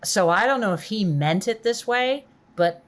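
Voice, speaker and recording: A woman's voice: mid-range voice, animated, moderate pace. A woman guesting on a gaming podcast, chatty and enthusiastic in casual chat.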